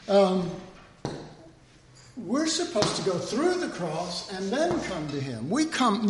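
A man's voice: high voice, slight background noise. A man preaching a humorous sermon, acting out dialogue and drawing a diagram as he speaks. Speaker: pastor. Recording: roomy echo.

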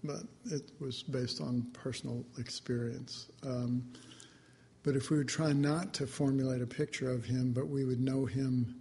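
Male preacher, middle pitch, loose rambling delivery with animated quoted asides; faint noise behind. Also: measured pace, vocal fry. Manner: rambling, hesitant, with many fillers and animated acted-out quotes. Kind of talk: informal sermon.

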